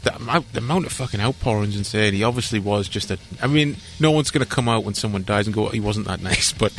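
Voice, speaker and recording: A man talks at a brisk clip in a fairly low voice, co-hosting a podcast. His chat is loose and sweary, with "like" dropped all through it. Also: a bit bright, slight background noise. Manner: loose and chatty, swears freely, says "like" often. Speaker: podcast co-host. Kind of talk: casual chat.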